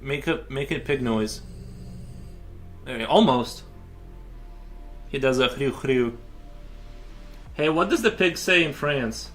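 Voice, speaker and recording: A man's voice: mid-range voice, fairly bright tone. Rambling male streamer chatting while drawing. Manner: rambling, halting, many restarts and fillers. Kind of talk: casual livestream chat. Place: home studio while drawing.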